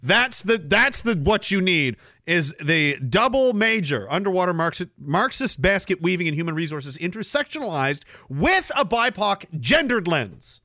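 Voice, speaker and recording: A man's voice: sits high, very animated, moderate pace, hardly any pauses, pushed and bright, no echo, studio quality. A man hosting a live stream podcast, ranting sarcastically and acting out quoted voices. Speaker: podcast host.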